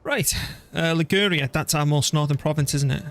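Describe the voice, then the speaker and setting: A fairly high-pitched man with a fairly bright tone speaks at normal speed over slight background noise. He's livestreaming a strategy game, chatting away, poking fun at himself, and replying to his computer and the game.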